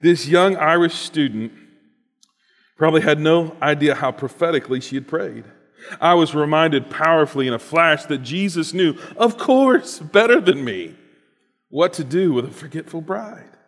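A man's voice: fairly high pitch, moderate pace, a bit bright, in a large hall. A man reading a written personal story aloud in an earnest, reflective way, then reflecting on it as host.

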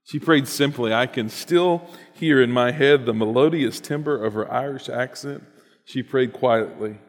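An earnest man reads a personal story aloud in a reflective, unhurried manner. His voice sits at an ordinary middle pitch. A long reverb lingers after his words. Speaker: host reading a written story aloud.

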